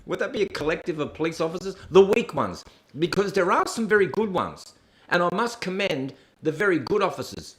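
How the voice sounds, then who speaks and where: A man with an Australian accent hosting a rambling, irreverent reaction stream. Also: fairly high pitch. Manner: rambling, irreverent, laughing asides. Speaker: host.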